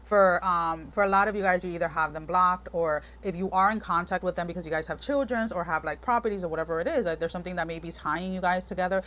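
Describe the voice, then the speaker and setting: Woman, tarot reader, casual reading, somewhat low voice, frank, meandering, filler-heavy. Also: fast talker, hardly any pauses, a bit bright. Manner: chatty, meandering, many fillers and restarts; frank, direct address to the viewer.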